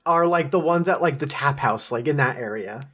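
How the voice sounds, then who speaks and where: A woman chatting on a casual podcast, her pitch bouncing widely as she teases and laughs along. She sounds playful and relaxed among friends. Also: normal speed. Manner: lively, laughs often, playful teasing. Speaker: podcast co-host.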